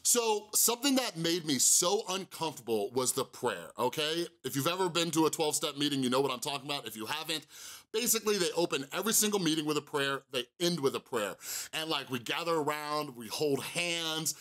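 A young man talks straight to camera in a loose, chatty storytime. His voice sits a little high and sounds bright and pushed forward, and he jumps into animated re-enactments of his old rants. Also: fairly quick. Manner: animated, acts out his own past rants. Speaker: YouTube vlogger on addiction recovery. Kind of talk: casual storytime monologue.

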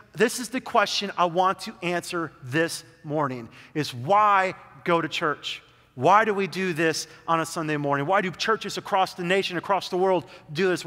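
A young adult male pastor preaches in a church sanctuary, his high voice bright and forceful. He tells a story loosely and conversationally, sprinkling in lots of "like"s, and the church hall adds reverb.

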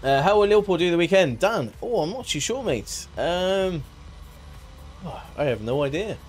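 A man's voice: high voice, lively intonation, normal speed, soft background music. Chatty man streaming a farming game. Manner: chatty, jokey, greets and thanks viewers by name, laughs often. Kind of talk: casual live-stream chat.

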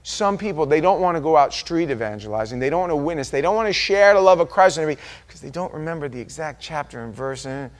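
An American man preaching a sermon as pastor, animated, quoting voices and dropping suddenly to quiet asides. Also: on the high side, fast talker, few pauses.

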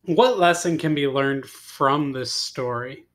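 A male teacher reading a fairy tale aloud expressively and stopping to ask his students questions. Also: mid-range voice. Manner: expressive read-aloud, pausing for questions to the class.

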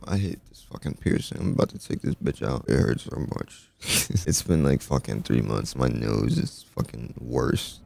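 A man's voice: sits low, creaky, a little mellow. A young man giving profane commentary over his own gameplay into a headset, repeating lines and venting at a boss fight. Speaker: gaming channel host. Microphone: gaming headset.

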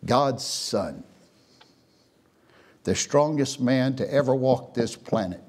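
A pastor preaching a sermon in a church, swinging from hushed, slow lines to loud, high exclamations. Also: male voice, animated. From Texas. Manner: preaching with big swings, dropping to a hush then rising to a near shout. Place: church sanctuary.

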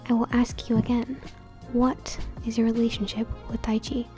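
A woman's voice: on the high side, little pitch movement, normal speed, soft background music, lightly acted. A woman voicing a jealous teenage boy volleyball player in a whispered role-play reading. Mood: interrogating. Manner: soft, hushed.

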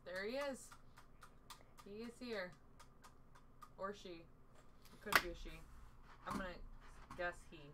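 A woman co-hosting a casual livestream, playful and quick to laugh. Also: mid-range voice, distant mic, background noise. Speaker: livestream co-host.

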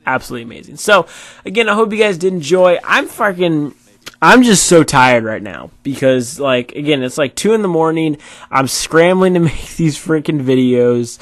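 A man's voice: a little high, animated, moderate pace, no room sound, studio quality. A tired man doing casual, rambling commentary over his football video game match, with many fillers. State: tired, yawning. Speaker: gaming YouTuber.

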